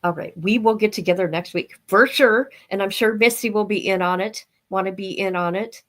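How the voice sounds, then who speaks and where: Speaking at a moderate pace in a slightly bright, mid-range voice, a middle-aged livestream host rambles bluntly and chattily to her audience.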